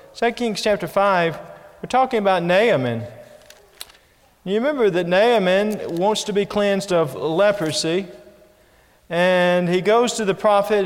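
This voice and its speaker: A man delivers a folksy sermon, leaning on homely examples and direct questions to the listeners. His voice sits a little high and swings between loud emphasis and near-hushed softness. The sound carries a long reverb, as from a church hall. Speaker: preacher.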